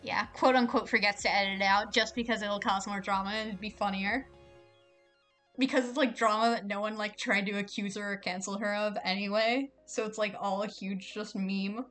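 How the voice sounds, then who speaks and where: A woman's voice: medium pitch, steady tone, a bit bright, faint music behind. Rambling, joking woman streamer. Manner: rambling, joking, fast with fillers. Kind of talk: casual chat while reading a visual novel aloud.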